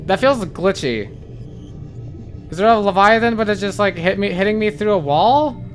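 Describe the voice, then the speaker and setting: A man's voice: sits high, animated, normal speed, faint music behind. A man giving blind playthrough commentary on a game, jumpy and swearing, who repeats panicked phrases over and over. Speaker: gaming channel host.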